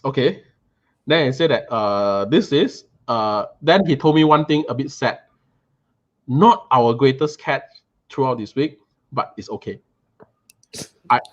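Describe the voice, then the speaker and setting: An animated man, chatting casually about a meal. He tumbles over his words and repeats himself. The recording is a little muffled and lo-fi. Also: mid-range voice. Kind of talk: casual storytelling chat.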